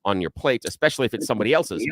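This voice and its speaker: Lively-voiced radio host, dry studio. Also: male voice, on the low side, racing, no echo. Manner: animated storytelling, acts out voices of others. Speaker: radio talk show host. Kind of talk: casual on-air chat.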